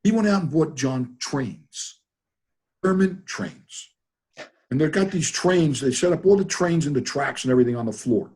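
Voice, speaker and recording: An older man telling rambling stories in a casual, animated way over a video call. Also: fairly high pitch, normal speed, breathy edge. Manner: animated, rambling, repeats himself. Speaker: guest trainer. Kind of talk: casual storytelling.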